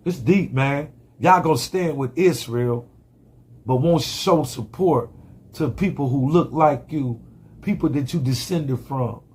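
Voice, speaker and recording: A man's voice: a little high, a little mellow, breathy edge. A man giving a fiery, profane monologue full of rhetorical questions. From United States. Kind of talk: impassioned monologue.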